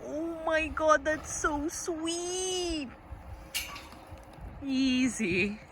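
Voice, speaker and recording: A woman's voice: high-pitched, drawn-out words, fairly bright tone, slight background noise. A young woman vlogging outdoors at a horse stable, praising her horses in sweet baby talk with lots of giggles.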